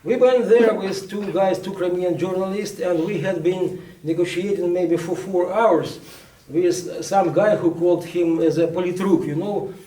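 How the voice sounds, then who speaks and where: Halting man, roomy and distant. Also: high-pitched, mellow. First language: Ukrainian. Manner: halting, many restarts and fillers. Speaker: journalist. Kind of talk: book presentation talk. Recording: echoey room, speaker far from mic.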